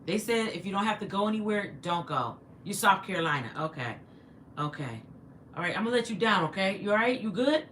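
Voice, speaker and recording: Hosting a casual stream from her house, a woman speaks briskly in a mid-range voice, with a little hiss or hum in the audio. Animated and talkative, she reads comments aloud and responds to viewers as well as her pet.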